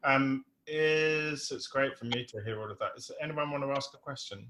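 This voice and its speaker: A man's voice: medium pitch, moderate pace, pushed and bright, slight background noise. A man with an Essex accent hosting an online playwriting Q&A, talking casually with many restarts. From England. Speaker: theatre director hosting a Q&A. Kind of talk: casual online workshop chat.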